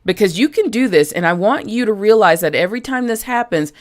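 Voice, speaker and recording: A woman's voice: mid-range voice, animated, a little fast. A woman business coach talking directly to live-stream viewers, chatty and frank, greeting people by name as she goes.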